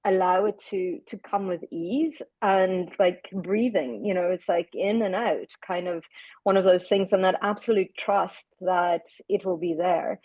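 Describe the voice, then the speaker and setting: A woman from the United Kingdom chatting on a podcast about spiritual work, animated and reflective, often repeating words as she talks. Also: lowish voice, unhurried, no room sound, rough recording. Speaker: podcast guest, spiritual practitioner. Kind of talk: casual podcast conversation.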